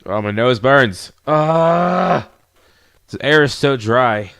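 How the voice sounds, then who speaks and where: A man hosting a game channel, reading through a visual novel in a casual, jokey way, with a hoarse voice. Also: medium pitch, animated, slow, a bit bright, no echo. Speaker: gaming channel host. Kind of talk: visual novel let's play narration.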